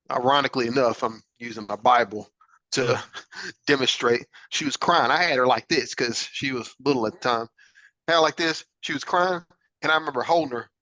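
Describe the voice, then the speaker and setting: Telling a personal story on his podcast, this adult father sounds earnest and reflective, repeatedly asking "right?" to check in with listeners. His voice is medium in pitch, pushed and bright, and the recording is low in quality but free of echo.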